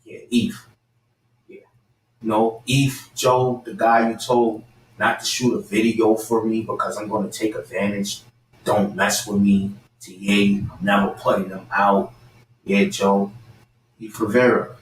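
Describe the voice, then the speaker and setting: A man of around forty, a guest telling stories and delivering an animated, heated callout rant that breaks into shouting. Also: lowish voice, unhurried. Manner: animated, fired-up, repeats his target's name, bursts into shouting. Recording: echoey room, mic set at a distance, faint background hiss.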